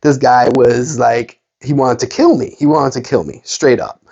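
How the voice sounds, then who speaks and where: Animated man telling a story. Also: mid-range voice, normal speed, gravelly, breathy edge, lo-fi sound. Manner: animated retelling, frequent fillers and restarts. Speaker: sports card collector and channel host. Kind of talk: casual storytelling.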